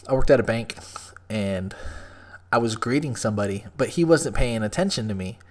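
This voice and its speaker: A man's voice: mid-range voice, fairly bright tone. A young man from Texas hosting a solo podcast, telling stories in a profane, laid-back way. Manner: profane, storytelling, laid-back then hyped outro. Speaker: podcast host.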